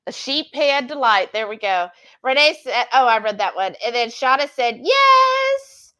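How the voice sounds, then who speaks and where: High-voiced woman reading comments. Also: moderate pace, fairly bright tone, smooth. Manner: chatty, reads comments aloud, laughs often. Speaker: cooking stream co-host reading viewer comments. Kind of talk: casual chat while cooking.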